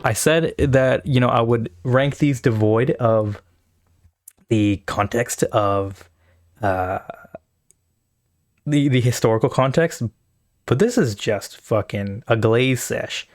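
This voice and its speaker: A man's voice: medium pitch, takes it slowly, long pauses. A man streaming live, reacting bluntly and profanely while thinking aloud. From Pakistan or India. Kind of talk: casual live-stream commentary.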